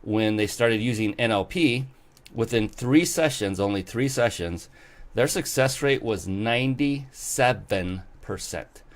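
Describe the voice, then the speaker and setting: A man's voice: mid-range voice, lively intonation, unhurried. A man hosting an interview show, talking enthusiastically and rambling with many fillers and restarts. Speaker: show host. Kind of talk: casual interview chat.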